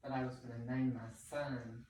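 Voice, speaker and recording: A man's voice: medium pitch, level tone, moderate pace, darkish tone. A man with a Southern US accent, plainly explaining himself to a medium during a family reading. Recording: very echoey room from far off, noise.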